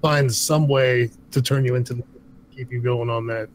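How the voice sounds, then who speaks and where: A man's voice: mid-range voice, fairly even intonation, moderate pace, slight background noise. A man calling into a live stream, rambling loosely with lots of fillers. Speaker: caller. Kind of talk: casual call-in chat.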